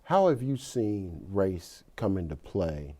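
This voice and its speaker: A man's voice: sits low, sing-song, slow, dark tone. A man hosting an interview show, prompting his guest with short friendly interjections. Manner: friendly interjections, frequent "right". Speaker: talk show host.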